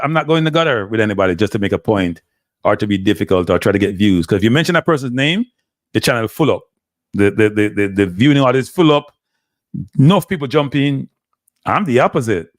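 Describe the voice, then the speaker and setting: A live show host with a Jamaican accent chats casually on his stream, mixing patois with standard English. The recording of his mid-range voice is dry and clean, like a studio.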